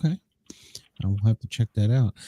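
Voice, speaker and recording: A man hosting a podcast, asking relaxed conversational questions. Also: fairly low pitch, a little fast, no room sound, clean studio sound. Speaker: podcast host. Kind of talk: casual interview.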